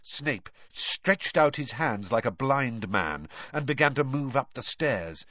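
A man narrating an audiobook in an expressive storytelling read. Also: medium pitch, slow pace, hardly any pauses, no room sound. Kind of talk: scripted narration. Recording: dry, slightly dull recording.

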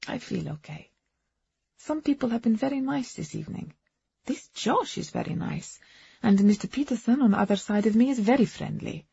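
Woman doing a flustered rich foreign lady, broken English, higher and louder, husky, dull dry recording. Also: lively intonation, normal speed, no room sound, heavily acted. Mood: relieved. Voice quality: broken English, drops articles.

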